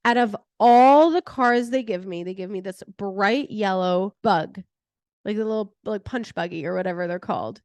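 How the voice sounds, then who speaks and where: A young adult woman hosting a podcast, telling a personal story in a chatty, animated way with many "like" fillers. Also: on the high side, normal speed, no echo, studio quality. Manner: chatty, heavy use of "like" fillers; animated retelling with laughter. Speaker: podcast host.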